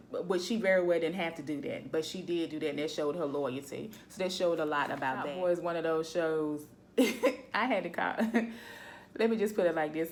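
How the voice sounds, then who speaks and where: A woman vlogger talking about shows in a casual, animated way. She laughs often and keeps addressing her viewers. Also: sits low, a little hiss or hum. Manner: chatty and animated, laughs often, says "y'all". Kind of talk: casual chat.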